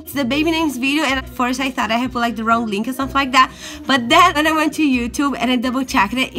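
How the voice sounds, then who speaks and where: Young mom vlogger, high bright voice, chatty and tired, filming at home with faint music behind. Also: female voice. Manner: chatty, addresses viewers as guys. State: sick and tired. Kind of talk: casual vlog chat. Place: home, indoors.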